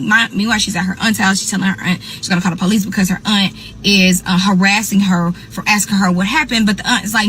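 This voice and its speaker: A young woman tells a casual storytime, animated, calling her listeners y'all and acting out what others said. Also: mid-range voice, fast, slight background noise, low-quality recording. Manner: animated, addresses listeners as y'all, acts out quoted people. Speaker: host.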